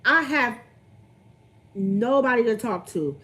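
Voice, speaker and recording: A woman's voice: on the high side, animated, slow, fairly bright tone. A young woman, venting candidly on her livestream and greeting viewers as she talks. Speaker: vlogger on a livestream.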